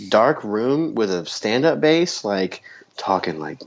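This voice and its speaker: Casting: male podcast co-host, lower voice, animated rants, muffled lo-fi audio. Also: normal speed. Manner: animated ranting, laughs often. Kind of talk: casual chat. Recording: dull lo-fi sound.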